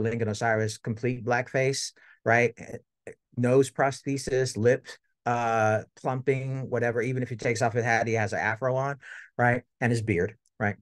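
A man's voice: medium pitch, no room sound, clean studio sound. A middle-aged man giving an academic lecture in a conversational way, often checking in with "right?". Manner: conversational, tags points with "right?".

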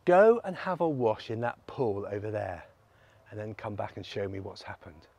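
A man voicing a gentle male healer in a children's Bible story, speaking calmly and reassuringly. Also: on the low side, moderate pace, dry recording, pitched below the performer's own voice.

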